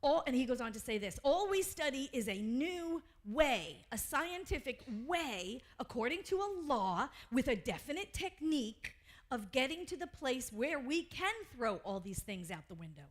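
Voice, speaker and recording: A middle-aged woman, a reverend, preaching a sermon with animated storytelling and frequent laughter. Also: high voice, normal speed.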